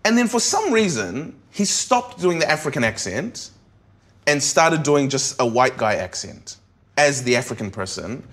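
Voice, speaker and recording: A comedian talking candidly in an interview, thinking aloud with frequent restarts and tag questions. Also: male voice, mid-range voice, sing-song, a little slow, a bit bright. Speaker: comedian guest.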